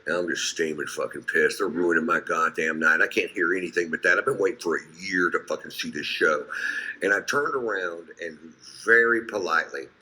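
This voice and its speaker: A man's voice: sits low, fairly quick, husky. A man doing stand-up comedy, telling a profane story and putting on voices for the people in it. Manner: profane, storytelling with put-on quotes. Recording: played stand-up clip with loud crowd noise. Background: audience laughter.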